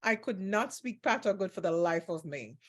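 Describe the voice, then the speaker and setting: A woman's voice: mid-range voice, expressive, moderate pace. A woman hosting an interview, speaking earnestly and admiringly and repeating phrases for emphasis. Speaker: host.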